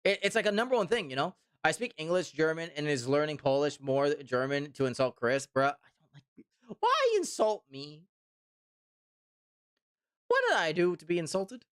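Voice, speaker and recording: A man's voice: a little high, animated, fairly quick, hardly any pauses, clear, resonant tone, dry recording, studio quality. A man streaming live, chatting casually and reading viewer comments, rambling and repeating himself with mock indignation. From Canada.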